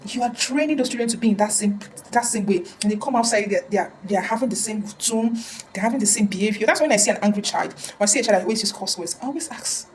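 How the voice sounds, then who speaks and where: Fast-talking earnest woman counselor. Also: medium pitch, a little mellow, slight background noise, poor audio. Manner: earnest, repeats words and restarts often. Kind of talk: casual advice talk.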